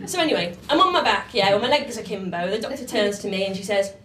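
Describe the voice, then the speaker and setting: A woman's voice: mid-range voice, animated, fast, a bit bright. A woman doing live stand-up comedy and performance poetry in a bawdy, punchy manner. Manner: brash, bawdy, punchy delivery. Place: comedy club stage. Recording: echoey live room from far off.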